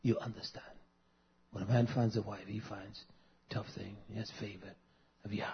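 A man in his fifties preaching a sermon, swinging between loud fervent passages and soft, intimate asides. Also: on the low side, little pitch movement, moderate pace, creaky, highs cut off, a little hiss or hum.

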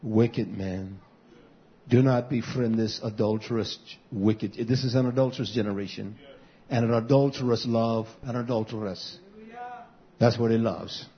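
A man preaching a sermon as pastor, impassioned and swinging between loud and hushed passages. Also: medium pitch, a little slow. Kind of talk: sermon to a live stream. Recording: dull lo-fi recording.

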